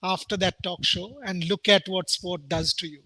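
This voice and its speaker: High bright guy hosting a live cricket show, animated, lots of questions. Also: normal speed, breathy edge, no room sound, poor audio. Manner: animated, fires rhetorical questions. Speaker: show host. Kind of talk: live sports talk show.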